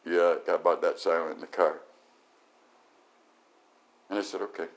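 Older male pastor, loud to hushed. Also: sits low, normal speed, long pauses. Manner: animated, swings from loud exclamations to quiet reflection. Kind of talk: sermon. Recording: dull lo-fi recording.

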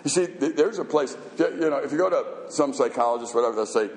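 A man's voice: medium pitch, expressive, fast. A man preaching a sermon as a pastor, emphatic and conversational, firing off rhetorical questions. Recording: echoey hall reverb.

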